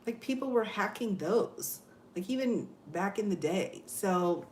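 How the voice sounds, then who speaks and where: A woman hosts a relaxed live chat and talks through viewer comments, laughing often and breaking into frequent exclamations. Her voice sits at a middle pitch and sounds roomy and echoey, with a faint hum underneath. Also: a little slow. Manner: chatty, laughs often, many "oh my goodness" exclamations. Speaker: livestream host.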